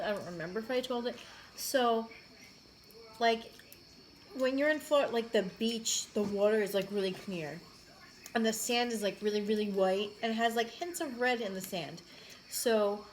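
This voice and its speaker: A woman's voice: on the high side, slight background noise, low-quality recording. A woman in her thirties chatting casually on a home vlog, telling a story with lots of filler words. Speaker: vlog co-host. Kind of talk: casual chat.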